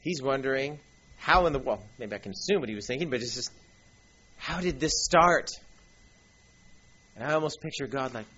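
Husky animated male preacher. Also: mid-range voice. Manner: animated, with asides and quick acted quotes. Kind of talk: sermon lecture. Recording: dull lo-fi recording.

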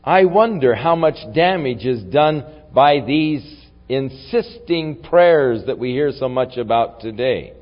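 A man's voice: mid-range voice, expressive, takes it slowly, hardly any pauses. Male preacher, sermon with scripture reading, long hall echo, dull lo-fi recording. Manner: reflective, rising to forceful when reading scripture.

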